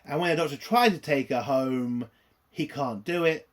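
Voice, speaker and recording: A man's voice: medium pitch, moderate pace. A man ranting through a TV episode review, profane, exasperated and sarcastic.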